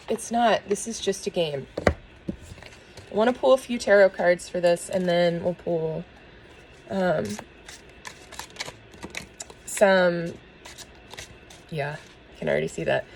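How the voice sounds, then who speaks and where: A woman giving a spiritual tarot reading and talking earnestly to her viewers, soft and emotional, with small laughs. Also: fairly low pitch, unhurried, vocal fry, long pauses, slight background noise, rough recording. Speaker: tarot reader.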